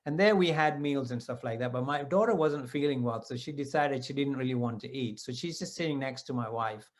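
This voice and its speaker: Man in his fifties, mid-pitched, telling a devotional story conversationally, with asides and self-corrections. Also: fairly quick. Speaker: devotee sharing personal experiences. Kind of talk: personal storytelling talk.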